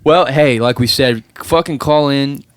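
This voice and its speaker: A man's voice: mid-range voice, measured pace, clean tone, no echo. A man co-hosting a podcast, rambling and joking playfully with frequent laughter. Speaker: podcast co-host. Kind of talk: casual chat.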